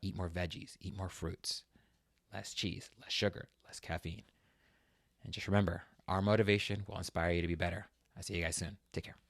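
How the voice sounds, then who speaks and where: Casting: male host, low voice, candid emotional monologue, dry close sound. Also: little pitch movement, fairly quick, creaky, no echo. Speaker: podcast host. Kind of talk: personal monologue.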